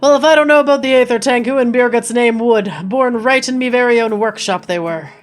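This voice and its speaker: Picture a blunt, hearty little engineer with a thick Scottish brogue, his voice sitting fairly high as a woman puts him on. Faint music plays under the game dialogue. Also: fairly quick, lightly acted. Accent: put-on Scottish. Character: small gruff male engineer with a put-on Scottish brogue.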